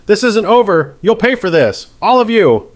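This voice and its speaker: A man's voice: on the low side, fairly even intonation, moderate pace, dry recording, lightly acted. A man voicing a spoiled, entitled rich young woman who screams defiantly in a courtroom story. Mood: furious screaming.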